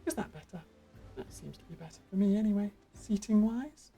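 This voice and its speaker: A woman's voice: medium pitch, fairly quick, warm tone, soft background music. A woman streaming a game, chatting casually and self-deprecatingly on a studio mic with a pop guard at home.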